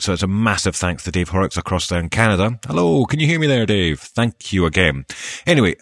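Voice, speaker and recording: A man hosting a podcast who chats in a light, good-humoured way and rattles off quick lists of thanks. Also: on the low side, no echo, studio quality. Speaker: podcast host and newsreader. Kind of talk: casual podcast sign-off.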